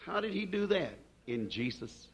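A man preaching a sermon in an emphatic, repetitive cadence, dropping to hushed asides and rising to shouted declarations. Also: high-pitched, very animated, normal speed, husky.

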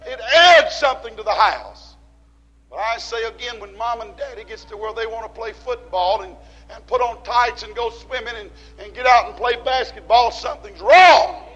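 A man preaches a fiery sermon in a strikingly high voice. His tone is bright and forceful, and he rises into shouts, then slows to hammer home short repeated lines. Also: lively intonation, lo-fi sound. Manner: preaching with rising shouts and slow emphatic repeats. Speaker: pastor.

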